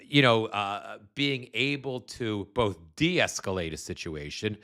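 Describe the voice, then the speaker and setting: A man's voice: fairly low pitch, expressive, measured pace, bright, forceful tone. A man hosting a live stream, talking bluntly and scornfully, with many restarts as he explains things at his computer. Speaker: show host.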